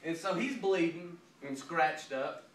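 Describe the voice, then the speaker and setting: A man's voice: fairly high pitch, unhurried. A man being interviewed, telling a comic anecdote in a casual way and laughing through it. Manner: animated, laughing anecdote teller. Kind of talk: casual storytelling. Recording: echoey room, mic at a distance, faint noise.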